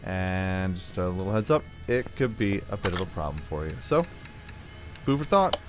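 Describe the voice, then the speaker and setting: Brief: lower-voiced male gaming host, chatty play-along talk, slightly sore throat, quiet music underneath. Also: sing-song, moderate pace. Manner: rambling, chatty, thinking aloud. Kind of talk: casual gameplay commentary.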